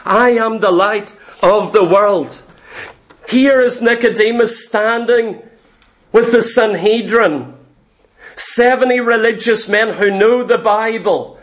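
Guy preaching, super high voice, emphatic, keeps repeating himself and asking the crowd questions. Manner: emphatic, repeats phrases, rhetorical questions to the congregation. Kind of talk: sermon.

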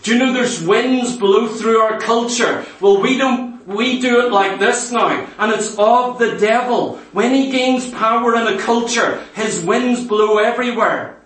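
A man's voice: extremely high pitch, measured pace, few pauses, fairly bright tone. A man preaching a sermon, pressing the congregation with emphatic rhetorical questions. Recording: echoey hall, mic far off.

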